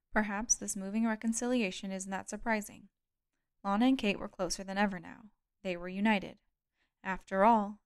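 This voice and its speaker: A woman reading an audiobook aloud in a calm, measured way, close to the mic. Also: medium pitch, smooth, no room sound. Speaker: audiobook reader. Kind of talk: audiobook narration.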